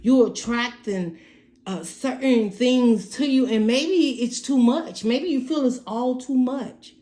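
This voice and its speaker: A woman's voice: on the high side, slow pace, mellow, echoey room. A woman giving a casual tarot reading to camera at home, speaking emphatically and repeating herself as she addresses the viewer directly. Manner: emphatic, repetitive, talks straight to the viewer. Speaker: tarot reader. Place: room at home.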